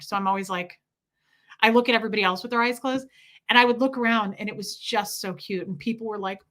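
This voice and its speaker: Bright-voiced woman telling rambling stories. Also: mid-range voice. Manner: animated rambling storytelling, quick bursts. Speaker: livestream host answering viewer questions. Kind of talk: casual chat.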